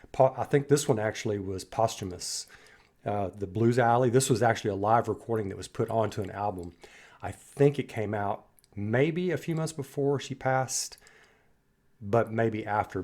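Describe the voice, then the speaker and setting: A man with a somewhat low voice reacts to a song in a casual commentary. His talk is reflective and admiring, and his phrases often fade out into gentle pauses. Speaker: music reaction host.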